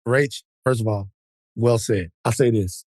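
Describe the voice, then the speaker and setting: A man's voice: measured pace, no echo. A man cohosting a casual podcast chat, telling stories animatedly and mimicking others. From American South. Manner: animated storytelling, mimicking people with loud high-pitched impressions. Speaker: podcast co-host.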